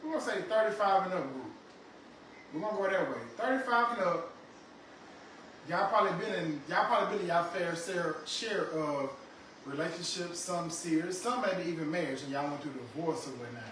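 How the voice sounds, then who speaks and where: A high-pitched man co-hosting a casual podcast, loud and joking with plenty of swearing. He sits well back from the mic in a very echoey room with clear background noise. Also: expressive, a little fast, far from the mic. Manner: loud, joking, profane, repeats himself. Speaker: podcast co-host. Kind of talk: casual chat.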